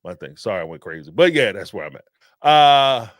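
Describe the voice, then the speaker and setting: A man's voice: lowish voice, normal speed, no room sound, clean studio sound. A man hosting a live call-in show, talking in a casual, rambling way and laughing often. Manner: animated and rambling, laughs often, acts out quotes. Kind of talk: casual commentary on a live stream.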